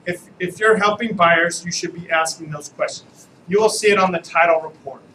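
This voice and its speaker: A man's voice: high-pitched, moderate pace, bright, forceful tone, a little hiss or hum, low-quality recording. A man, an attorney, giving a casual, joking live training talk to real estate agents and asking the room questions.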